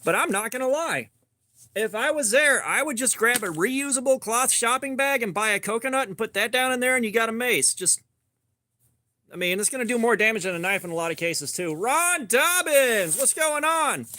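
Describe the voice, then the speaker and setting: A man's voice: very high voice, pushed and bright. A man hosting a casual livestream, joking and rambling as he answers viewer comments. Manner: joking, rambling, quick asides. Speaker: livestream host. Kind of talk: casual live chat reading comments.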